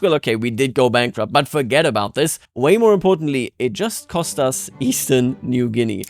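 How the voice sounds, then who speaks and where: A man's voice: mid-range voice, expressive, moderate pace, soft background music. A man from Bavaria giving playful, sarcastic commentary over his strategy game, chuckling often. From Bavaria, Germany. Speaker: strategy game video creator. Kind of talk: gameplay commentary.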